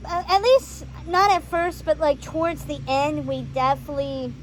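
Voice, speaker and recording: High-voiced excitable woman reviewing movies. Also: normal speed, a little hiss or hum. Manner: excitable and rambling, with many fillers and restarts. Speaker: host reviewing films. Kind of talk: casual movie review vlog. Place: outdoors on a home driveway.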